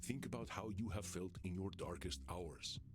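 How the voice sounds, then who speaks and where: An actor playing a three-thousand-year-old male vampire mentor who speaks in a formal, measured way. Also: deep voice, over music.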